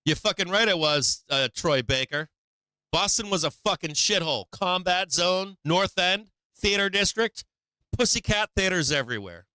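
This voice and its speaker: A man's voice: high voice, animated, normal speed, pushed and bright, clean tone, no room sound. A man hosting a stock market live stream, ranting bluntly and profanely in a casual, preachy way with frequent laughs.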